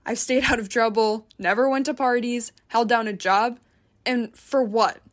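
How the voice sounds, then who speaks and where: A woman's voice: a little high, fairly even intonation, moderate pace. A woman reads a first-person memoir audiobook. Her delivery is tense and introspective, with frustration close to the surface. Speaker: narrator.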